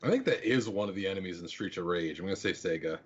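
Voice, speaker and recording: A man's voice: sits low, lively intonation, quick pace, slightly rough, highs cut off. A man on a casual gaming podcast, guessing trivia answers aloud and swearing now and then. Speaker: podcast co-host, quiz contestant.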